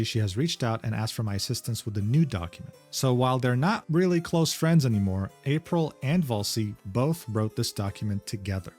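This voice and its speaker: A man's voice: medium pitch, a little mellow. Man narrating a commentary over faint music. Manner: reads out messages, sardonic asides.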